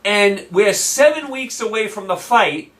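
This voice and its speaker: A brash, combative man rants through a sports talk monologue in a high, bright voice, hammering his points home by saying them again and again. He sits a little away from the mic. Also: lively intonation, unhurried, far from the mic. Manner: brash, combative, repeats lines for emphasis. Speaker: sports show host.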